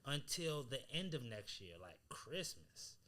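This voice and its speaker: A man co-hosting a podcast in casual chat, talking in an animated, emphatic way full of slang. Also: medium pitch, measured pace. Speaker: podcast co-host.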